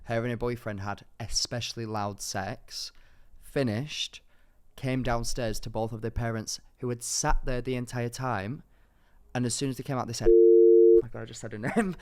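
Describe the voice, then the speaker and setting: A young man co-hosting a podcast in casual chat, animated and jokey, with dramatic outbursts. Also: medium pitch, normal speed, slight background noise. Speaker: podcast co-host.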